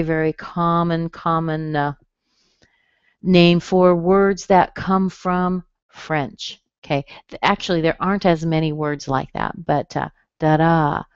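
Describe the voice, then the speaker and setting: A woman's voice: low-pitched, darkish tone, smooth, no room sound. Woman teaching pronunciation, dry dull audio. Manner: explains patiently, sounds out syllables. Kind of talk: webinar lesson. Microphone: computer mic on a webinar.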